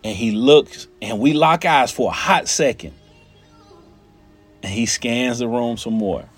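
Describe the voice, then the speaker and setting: A man telling a personal story in an animated, conversational way, often turning to his listeners with "right?" and "y'all". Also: mid-range voice, measured pace, faint music behind.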